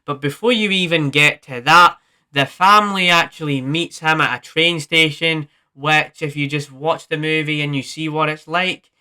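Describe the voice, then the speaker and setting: A man's voice: on the high side, steady tone, moderate pace, sharp tone, smooth. A man hosting his own movie review video, talking in a casual, rambling way with many fillers and restarts.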